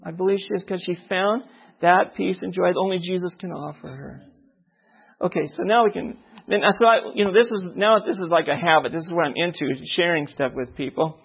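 A man's voice: high-pitched, a little fast, creaky, husky, muffled recording. A man giving a personal testimony in a sermon, telling his story and often checking in with the listeners by asking "okay?". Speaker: lay preacher giving testimony.

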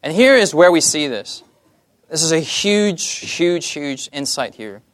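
Male preacher, slightly high voice, animated, calls for amens, dry close mic. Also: measured pace, no room sound. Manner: lively, asks the audience "amen?" often, jokey asides. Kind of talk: sermon.

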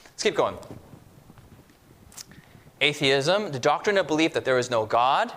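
A man giving a lively religious teaching talk at a church seminar, acting out quoted voices and swinging his voice up and down for emphasis. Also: a little high, unhurried, pauses often.

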